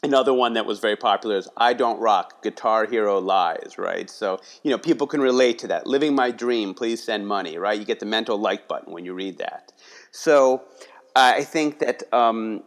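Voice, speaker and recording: A man's voice: on the low side, moderate pace. Rambling, chatty man. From Philadelphia area, US. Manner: rambling, many restarts and "you know", "right?". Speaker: guest, writing workshop leader. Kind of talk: casual interview talk.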